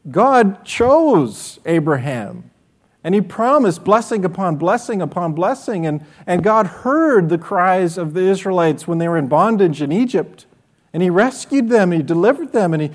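Earnest preaching man, fairly high voice. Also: expressive, moderate pace. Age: adult with children. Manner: earnest preaching with rhetorical questions. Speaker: pastor. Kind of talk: sermon.

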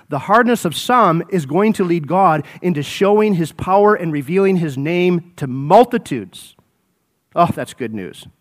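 Male preacher, high voice, fervent repeating delivery, addresses folks. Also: fairly bright tone. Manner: exclaims and repeats phrases, addresses listeners as folks. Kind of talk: expository sermon.

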